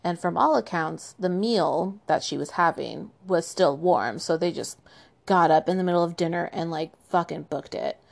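Give me a sarcastic woman host retelling history, with a gravelly, low voice. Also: normal speed. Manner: sarcastic, profane asides. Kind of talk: irreverent history storytelling.

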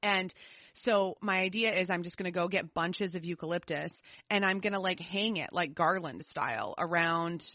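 A woman co-hosting a podcast, telling stories in a lively, casual way. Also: fairly low pitch, normal speed, no room sound. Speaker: podcast co-host. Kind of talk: casual chat.

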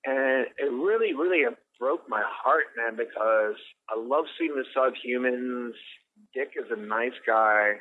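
A man's voice: medium pitch, a little slow. A man chatting casually, telling rambling stories and swearing a lot, as a podcast guest. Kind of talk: casual chat. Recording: dull lo-fi sound with faint noise.

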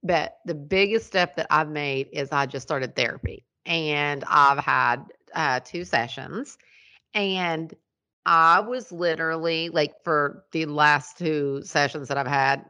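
Bright-voiced older woman chatting. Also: low-pitched, takes it slowly, clear, resonant tone. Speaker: podcast co-host. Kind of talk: casual chat.

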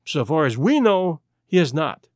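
A nervous young secretary, voiced by a man in an audiobook, talking in a jittery, hurried way. The voice is high, lively and dry. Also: no echo. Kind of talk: audiobook character voice.

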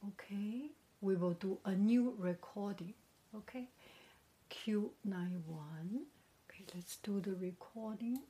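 Woman vlogger, unhurried delivery with a dark, mellow voice, casually testing a laptop microphone. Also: mid-range voice, slight background noise. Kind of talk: casual demonstration. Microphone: small microphone plugged into a laptop.

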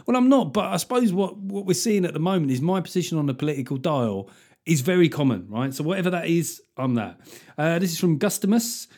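A man's voice: fairly high pitch, expressive, brisk, a little mellow. A middle-aged man hosting a podcast. He rants in a casual comic monologue, swears a lot and plays up mock outrage. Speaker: podcast host.

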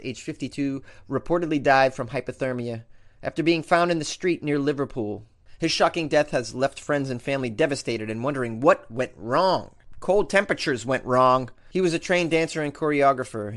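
A male host reads strange news items and then jokes about them with playful mock outrage. His voice sits at an ordinary middle pitch. The delivery is a loose, casual comedic commentary.

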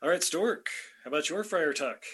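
A man's voice: a little high, normal speed, fairly bright tone, slightly rough. A man hosting a podcast in casual fan-casting chat, jokey and laughing often. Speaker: podcast host.

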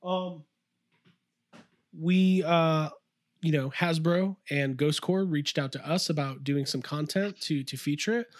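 A man's voice: on the high side, unhurried, no echo, studio quality. A man co-hosting a casual podcast from his toy room, enthusiastic and rambling with lots of fillers. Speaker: podcast co-host. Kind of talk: casual chat.

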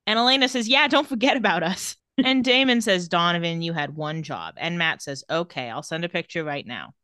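A woman's voice: on the low side, lively intonation, brisk, pushed and bright, clean tone, no room sound, clean studio sound. A woman co-hosting a podcast, casually recapping an episode and reading lines with wry asides. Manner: reads out dialogue with wry asides. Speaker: podcast co-host.

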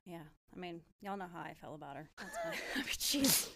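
A woman's voice: on the low side, sing-song, brisk, creaky, fairly bright tone. A young woman co-hosting a true-crime podcast, talking casually with friends, laughing often and swearing freely. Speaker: podcast co-host.

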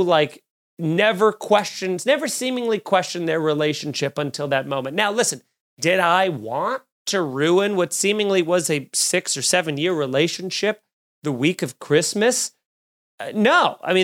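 Comedian dude on his podcast, kinda high voice, acts out everyone in the story. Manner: animated, acts out quoted voices. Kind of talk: casual storytelling monologue.

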